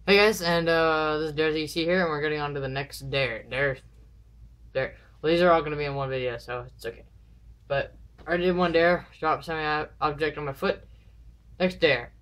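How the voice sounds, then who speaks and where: This vlogger's mid-range voice is smooth and a bit bright, steady in tone and fairly quick. Chatting casually to camera at home, they ramble while doing viewer dares and count down nervously before each one.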